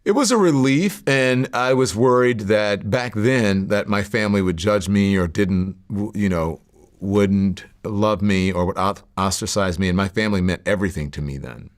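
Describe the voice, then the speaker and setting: Speaking at a fairly low pitch, a middle-aged interview guest shares personal stories candidly. He's reflective and halting, with many fillers and restarts.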